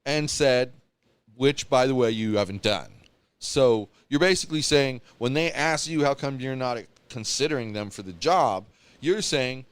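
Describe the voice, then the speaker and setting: Male podcast co-host, mid-pitched, animated, ranting about people in casual chat. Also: unhurried, smooth, no room sound. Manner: animated, ranting, mocking quotes.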